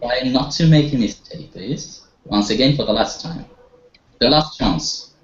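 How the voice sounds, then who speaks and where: A man's voice: mid-range voice, expressive, measured pace, slight background noise. A male English teacher runs a group lesson over a video call, coaxing his students with questions and praise. His intonation swings widely. The audio is dull and roomy with noticeable echo. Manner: encouraging, leads students with questions, some hesitations.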